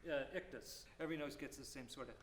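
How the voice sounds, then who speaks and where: A man teaching a music clinic, explaining phrasing and singing rhythms aloud with lively syllables. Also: mid-range voice, quick pace. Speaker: percussion clinician. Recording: roomy hall reverb, faint noise.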